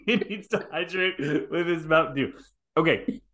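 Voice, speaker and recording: A middle-aged man hosts a podcast, speaking at a measured pace in a somewhat high voice. In this storytelling chat he's an animated, profane narrator, swearing a lot and acting out scenes with different voices.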